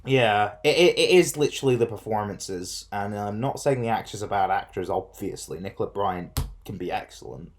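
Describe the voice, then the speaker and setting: A man's voice: lowish voice, moderate pace, slight background noise. A man co-hosting a review show, chatting casually and joking with frequent laughter. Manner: chatty, jokey, laughs often. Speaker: reaction video co-host. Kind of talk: casual reaction chat.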